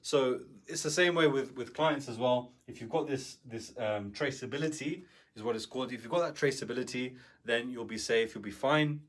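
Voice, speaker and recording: A man's voice: medium pitch, normal speed. A man giving an instructional talk as a business coach, speaking conversationally and often checking in with the listener. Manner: conversational, keeps checking in with "right?".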